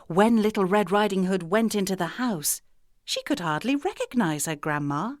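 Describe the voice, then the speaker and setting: A woman narrating a children's storybook in an expressive, sing-song way. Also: on the low side, normal speed, no echo, clean studio sound.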